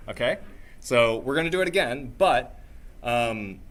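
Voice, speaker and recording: A man leading a live workshop, coaching the room like a voice teacher with a singing background, energetic and coaxing, checking in again and again with "right?" and "okay?". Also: mid-range voice, slow pace, slight background noise. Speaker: workshop presenter.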